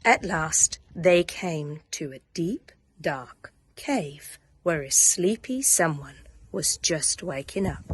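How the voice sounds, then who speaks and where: A woman reading a bedtime story aloud in a soft, hushed, soothing way, slipping into whispers. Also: low voice, breathy edge.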